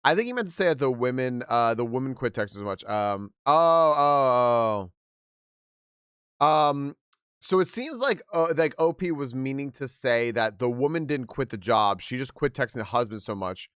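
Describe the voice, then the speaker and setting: A young man on a livestream reads a post aloud and reacts in loose, casual chat. He laughs often and stumbles through quick restarts. His average-pitched voice sounds close and dry, with no room around it. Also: lively intonation, a bit bright, smooth, no echo. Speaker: livestream host.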